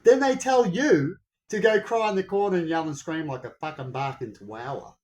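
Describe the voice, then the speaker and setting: A man's voice: on the high side, a little fast, a little mellow, poor audio. A young man ranting heatedly to his viewers in a casual vlog, swearing often. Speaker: vlogger.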